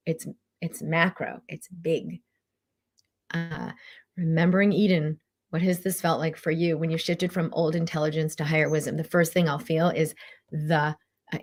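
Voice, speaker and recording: A middle-aged woman hosting a casual motivational talk as a mind-body coach, lively and acting out inner voices. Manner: animated, acts out inner voices in a high pitch.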